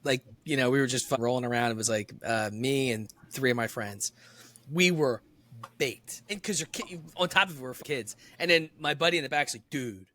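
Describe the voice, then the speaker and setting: A man's voice: mid-range voice, moderate pace. A man co-hosting a podcast, telling stories in casual banter and laughing often. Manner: animated storytelling, laughs often. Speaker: podcast co-host.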